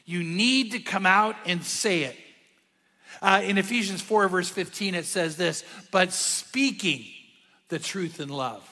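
A male pastor preaching a conversational sermon with bursts of energy and sudden hushed asides. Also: high voice, long reverb tail.

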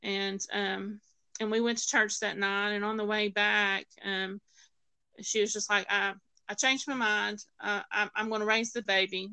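A woman tells a personal story with plenty of ums and restarts, dropping into the voices of the people she quotes. Her voice is bright, smooth and gravelly. The recording is close and dry. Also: medium pitch, level tone, measured pace, no room sound, rough recording. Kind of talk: personal testimony in conversation.

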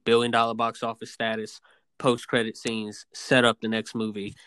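A man co-hosts a casual podcast debate with an animated, emphatic delivery. He often restarts and repeats his words before pushing his point. His voice sits mid pitch for a man, recorded dry and close. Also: normal speed, clean tone, no echo. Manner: animated, emphatic, repeats himself when starting. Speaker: podcast co-host.

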